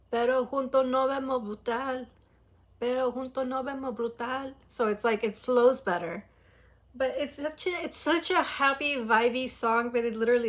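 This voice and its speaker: A young woman with a fairly high voice talks casually as she reacts to new music. She gushes with excitement, circling back on her words and leaning on filler words as she explains what she loves. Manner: gushing and excitable, full of filler likes.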